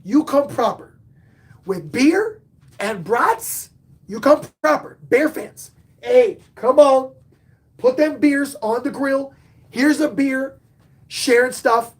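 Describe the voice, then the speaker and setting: A man hosting a casual live-stream sports talk show, excitable, swinging between loud outbursts and muttered asides. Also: extremely high pitch, takes it slowly, pauses often. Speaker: podcast host and sports fan; bartender.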